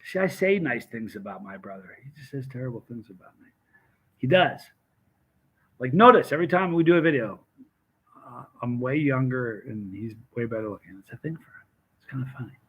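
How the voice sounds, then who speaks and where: A man hosting a live stream, telling stories in a casual, animated way and acting out the people in them, with self-mocking humor. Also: mid-range voice, a little fast, husky, rough recording.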